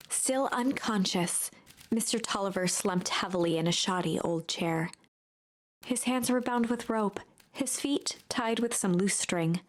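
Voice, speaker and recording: A woman streamer reading a game's story narration aloud, hushed and suspenseful, often dropping to a whisper. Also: medium pitch. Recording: music playing under the voice. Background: game music.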